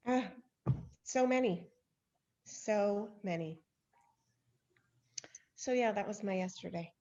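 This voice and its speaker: A woman's voice: sits high, wildly swooping pitch, slow pace, long pauses, breathy edge. Woman, 30s, podcast co-host; candid, self-deprecating storyteller over a slightly dull online call. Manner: candid, self-deprecating storyteller who laughs and sighs often. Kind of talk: casual chat.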